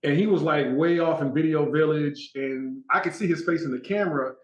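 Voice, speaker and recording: A man's voice: a little high, fairly quick, echoey room, lo-fi sound. A man being interviewed as a guest actor, telling stories casually and acting out quotes. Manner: animated storyteller, acts out quotes, laughs often.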